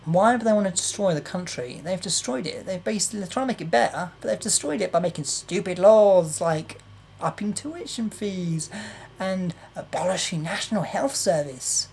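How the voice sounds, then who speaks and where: A woman's voice: lowish voice, expressive, normal speed, gravelly, darkish tone, breathy edge. A young woman ranting to camera, exasperated and repetitive, with some swearing. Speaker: vlogger. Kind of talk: political rant to camera.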